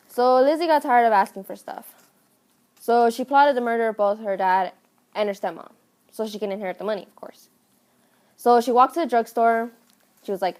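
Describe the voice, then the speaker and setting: A woman telling a comic story in a casual, deadpan way full of slang. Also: fairly high pitch, normal speed, pauses often. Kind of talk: comedic storytelling.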